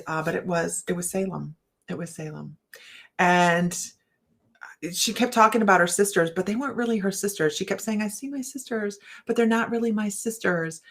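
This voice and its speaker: Woman host, chatty and rambling, quick to laugh, casual stream talk. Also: on the low side, a bit bright. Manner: rambling storyteller, laughs often. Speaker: psychic and certified hypnotist. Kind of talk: casual livestream chat.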